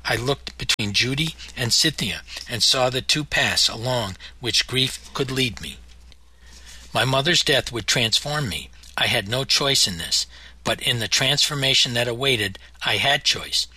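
Male audiobook narrator, somber memoir reading, husky edge, mid pitch. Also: animated, unhurried, pushed and bright, dry recording, low-quality recording.

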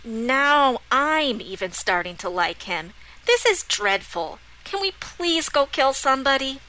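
A woman's voice: sits high, very animated, measured pace, pushed and bright, voice pushed up, full character voice, low-quality recording. A woman voicing a bored, bloodthirsty villain queen with a sardonic, groaning manner.

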